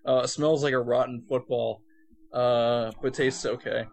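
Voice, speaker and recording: A man's voice: mid-range voice, fairly even intonation, unhurried, a little mellow. A young man with a New Jersey accent, co-hosting a casual podcast chat, rambling with many fillers, with a slight speech impediment and on cold medicine. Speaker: podcast co-host.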